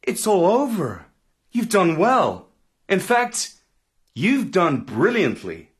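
A man voicing a gentle space comrade in a storybook tale, speaking in a soothing, kindly way. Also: high voice, huge pitch swings, slow pace, exaggerated voice.

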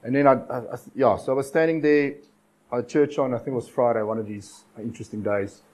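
A man delivers a sermon in a mid-range voice, neither high nor low. He builds his points through repeated phrases and leans on dramatic pauses. His tone stays urgent as he calls on his listeners. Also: darkish tone, rough recording. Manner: exhortative, repetitive cadence with dramatic pauses. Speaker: preacher.

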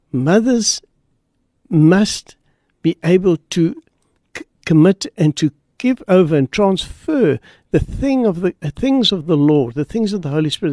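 A man's voice: fairly high pitch, a little mellow, no echo, studio quality. A man speaking as a guest pastor on a radio program, telling a story in an earnest, emphatic way.

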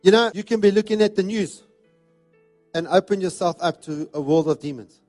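A high-voiced man delivers a sermon, hammering his points home with repeated phrases. Soft music plays faintly beneath his voice. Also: normal speed. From South Africa. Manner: emphatic, repetitive preaching cadence. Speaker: pastor.

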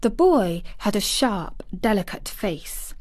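Slow, measured woman narrating. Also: mid-range voice, very animated, a little mellow, no echo, studio quality. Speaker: audiobook narrator. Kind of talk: scripted narration.

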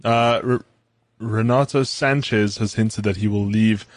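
A man co-hosting a podcast, speaking in a measured way while running through football news. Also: lowish voice, fairly even intonation, dry recording. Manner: measured, reads out news items. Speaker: podcast co-host. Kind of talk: casual sports chat.

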